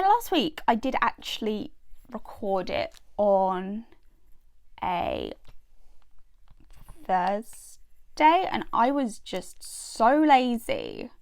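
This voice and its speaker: Woman rambling while she crafts, slow unhurried talk, lots of ums and little laughs. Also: mid-range voice. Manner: chatty, rambling, with many fillers and laughs. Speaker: crafting vlogger. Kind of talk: casual chat while crafting.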